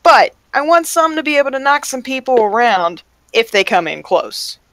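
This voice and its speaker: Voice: sits high, big pitch swings, moderate pace, fairly bright tone, no echo, voice pushed up, heavily acted. A player voicing a female tiefling warrior, speaking in a dry, wry way.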